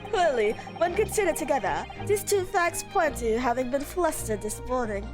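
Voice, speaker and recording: A woman's voice: high-pitched, lively intonation, normal speed, over music. A woman voicing a pompous, eccentric male detective while reading game dialogue aloud in a theatrical, condescending way.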